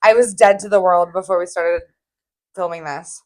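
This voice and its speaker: A woman's voice: fairly low pitch, steady tone, moderate pace. A young woman co-hosting a casual podcast, telling stories in a bubbly, giggly way, wired on an energy drink. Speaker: podcast co-host. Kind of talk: casual chat.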